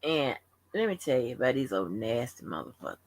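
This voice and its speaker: A woman's voice: extremely low pitch, very animated, a little fast. A woman hosting a livestream open forum, telling stories in a blunt, profane, casual rant. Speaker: livestream host.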